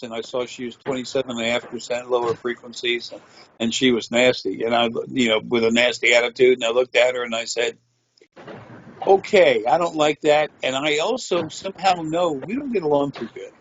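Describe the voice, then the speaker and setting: A man's voice: medium pitch, fairly even intonation, brisk, fairly bright tone, highs cut off, slight background noise. A man telling a rambling personal story in a matter-of-fact way, with frequent swearing. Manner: meandering, profane, matter-of-fact. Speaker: interviewee.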